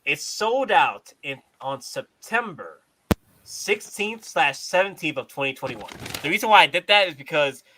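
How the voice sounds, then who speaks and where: A man hosting a casual collectibles chat, animated, repeating himself and swearing casually. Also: a little high, moderate pace, background noise. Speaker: host.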